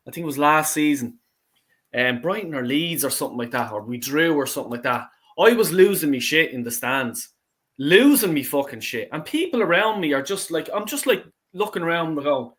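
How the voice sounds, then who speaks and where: Bright sweary Irish host. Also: male voice, fairly high pitch, fairly quick. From Ireland. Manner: excitable, sweary, rambling. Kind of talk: casual fan call-in chat.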